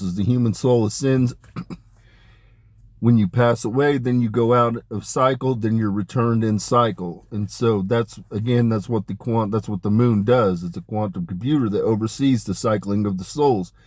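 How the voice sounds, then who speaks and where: Low-voiced man rambling emphatically. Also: normal speed, a little mellow, no room sound, studio quality. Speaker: spiritual channeler. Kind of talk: casual spoken monologue.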